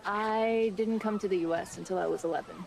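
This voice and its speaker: An actress playing a quiet young woman in a TV drama, speaking softly and evenly. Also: mid-range voice, brisk, vocal fry, close to an everyday voice. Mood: subdued. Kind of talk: TV drama acting.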